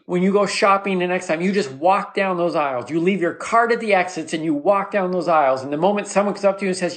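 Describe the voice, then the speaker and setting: A man hosting a comedy podcast, telling a rambling story in an animated, mock-rallying way, jumping into a squeaky high voice for the people he quotes. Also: quick pace, few pauses. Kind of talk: solo comedic monologue.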